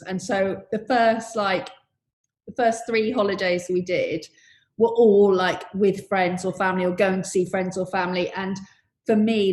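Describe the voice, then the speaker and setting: A middle-aged woman talking thoughtfully as a podcast guest, in a chatty way full of "you know". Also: mid-range voice. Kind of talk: reflective conversation. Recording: roomy echo.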